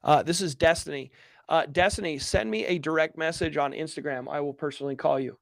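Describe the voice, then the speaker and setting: A man's voice: fairly high pitch, fairly quick, vocal fry, no room sound. A man hosting a live question-and-answer stream as a coach, speaking in an earnest, emphatic motivational style and repeating phrases for effect.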